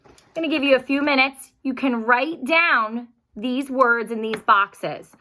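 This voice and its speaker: A woman teacher giving a recorded spelling lesson to young children, speaking slowly and clearly in an encouraging way. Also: high-pitched, pushed and bright.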